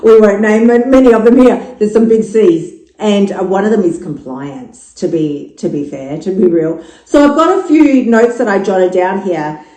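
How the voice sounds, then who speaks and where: A woman's voice: mid-range voice, normal speed, echoey room, rough recording. An Australian woman in her fifties hosting her own podcast, talking frankly with plenty of swearing and jokes. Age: 50s. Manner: frank, profane, jokey, animated storytelling. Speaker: podcast host. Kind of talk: casual podcast monologue.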